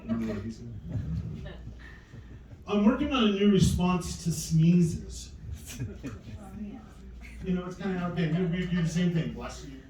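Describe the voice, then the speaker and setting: A man's voice: high-pitched, animated, unhurried, long pauses, mellow. A middle-aged man doing a stand-up comedy set, telling rambling stories in a dry voice and acting out the quotes. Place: small comedy venue with live audience. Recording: echoey room mic from far off.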